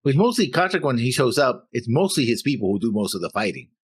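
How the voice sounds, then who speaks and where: A man's voice: medium pitch, very animated, fairly quick, slightly rough, no room sound. A man co-hosting an anime reaction show, chatting casually and reading episode notes in a rambling, jokey, stumbling way.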